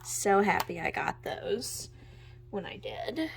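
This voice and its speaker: A young woman chatting casually at home as she shows her makeup, gushing and sometimes dropping into a soft whisper. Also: mid-range voice, big pitch swings, takes it slowly, creaky, slight background noise. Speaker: makeup vlogger. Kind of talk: casual chat while swatching makeup. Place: home room with natural light.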